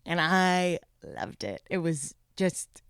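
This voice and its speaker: A young woman, chatting as a musician guest on a podcast, animated and laughing often. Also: fairly low pitch, slow pace, smooth, no echo, clean studio sound. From New York. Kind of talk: casual podcast chat.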